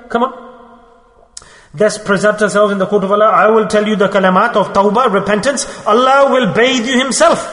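A male Islamic preacher giving a sermon through a personal story. He repeats his points, asks rhetorical questions, and swings from loud urging to hushed asides. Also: high voice, in a large hall.

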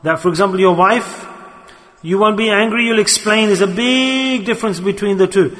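A man giving a sermon on a hadith, quick and emphatic, firing rhetorical questions at the audience. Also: sits high, a bit bright. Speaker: preacher. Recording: long hall reverb.

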